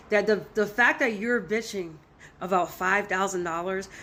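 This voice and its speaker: A social media commentator films an angry reaction rant to camera, heated and profane, hammering her points through repetition. Her voice is mid-range and a bit bright.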